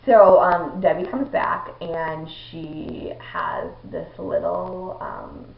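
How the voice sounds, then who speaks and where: A young woman vlogging from home tells her viewers a personal story in a chatty way, full of ums and likes. Her fairly low, gravelly voice is very animated yet measured in pace, with hardly any pauses. The echoey indoor room gives dull lo-fi audio with a little hiss or hum.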